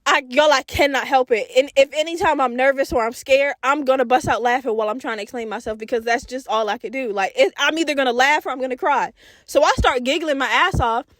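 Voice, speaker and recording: A woman hosting a podcast, telling a story in a casual, animated and profane way, laughing and acting out voices. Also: sits high, fast talker, no echo, clean studio sound. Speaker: podcast host.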